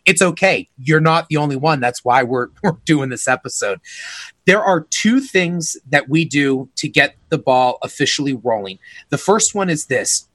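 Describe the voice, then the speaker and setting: A man's voice: on the high side, fairly bright tone, no echo. A man, a real estate agent co-hosting a podcast, explaining the steps to buyers in an earnest, advising way. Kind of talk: casual explanatory podcast talk.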